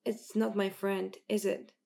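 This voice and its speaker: A woman reading the part of a gentle, trusting teen girl in her own slightly gravelly voice. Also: medium pitch, level tone, measured pace. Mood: musing. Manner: gentle, open.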